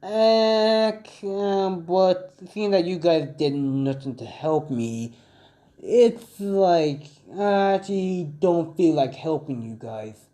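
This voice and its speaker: A man voicing a cold, aloof teenage boy hero in a fan-made audio story, speaking in a flat, dismissive way. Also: high voice, takes it slowly, voice pushed up.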